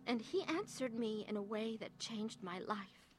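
A woman's voice: fairly high pitch, lively intonation, a little slow, a little mellow, soft background music. An actress voicing a troubled middle-aged wife who narrates her own story and acts its scenes, in a radio drama. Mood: reflective. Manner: earnest, confessional. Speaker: narrator and lead.

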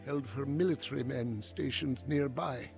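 A man narrating his childhood memories in a calm, reflective storytelling manner. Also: mid-range voice, normal speed, creaky, faint music behind. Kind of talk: scripted memoir narration.

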